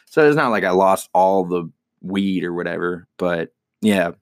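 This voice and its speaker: A man's voice: low voice, measured pace, no room sound, clean studio sound. A young man, a stand-up comedian, talking casually in a rambling, profane, self-critical way. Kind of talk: casual monologue.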